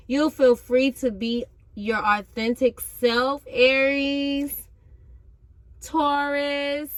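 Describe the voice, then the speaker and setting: A woman giving a casual tarot reading to her viewers, talking with high energy in a slangy, chatty way. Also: fairly even intonation, slow pace, no echo. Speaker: tarot reader.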